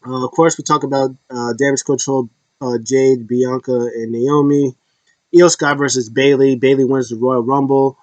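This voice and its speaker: A man's voice: mid-range voice, fairly even intonation, normal speed, a little mellow, no echo. Guy rambling thru a casual recap, lots of restarts, kinda muffled dry mic. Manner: rambling, loose, many restarts and fillers. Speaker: wrestling show host. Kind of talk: casual solo recap and predictions. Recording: dull lo-fi dry recording.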